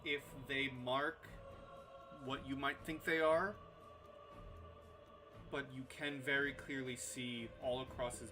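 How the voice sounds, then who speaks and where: A man narrating a tabletop game as its game master, pacing his descriptions steadily. His voice sits at a middling pitch. Clear music runs under his voice. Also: sharp tone.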